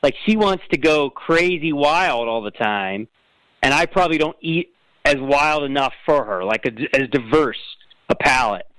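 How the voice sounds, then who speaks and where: An easygoing man as a guest in a casual chat, self-deprecating and quick to laugh. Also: fairly high pitch, lively intonation, a bit bright, clean tone, no echo, rough recording.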